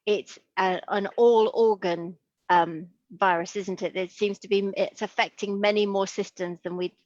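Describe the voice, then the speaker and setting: A woman's voice: medium pitch, fairly even intonation, unhurried, darkish tone, no room sound. A middle-aged woman from Liverpool, a consultant podiatrist, talks eagerly and chattily, with plenty of asides. Her call audio is dry and a little muffled. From Liverpool, England. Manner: chatty, enthusiastic, full of asides. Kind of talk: interview over video call.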